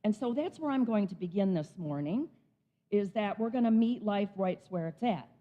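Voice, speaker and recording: A woman's voice: mid-range voice, expressive, normal speed, narrow, tinny audio. A woman guest speaker giving an upbeat, enthusiastic inspirational talk at a spiritual center. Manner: bubbly, enthusiastic.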